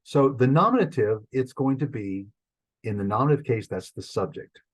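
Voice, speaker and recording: A man's voice: medium pitch, expressive, normal speed, rough recording. A man teaching a beginners' Greek class from a shared screen, explaining patiently and thinking aloud with frequent fillers. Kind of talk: recorded online lesson with screen sharing.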